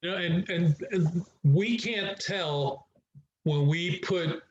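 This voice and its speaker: Male chiropractor, reflective and rambling, slightly high voice, muffled call audio. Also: takes it slowly, slight background noise. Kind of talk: casual group discussion.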